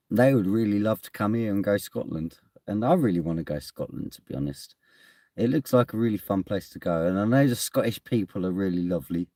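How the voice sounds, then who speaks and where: A man's voice: lowish voice, warm tone, no echo, clean studio sound. Rambling man chatting on stream. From England. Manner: rambling, laughs often, swears casually. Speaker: streamer reading chat. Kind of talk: casual live-stream chat. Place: at home indoors.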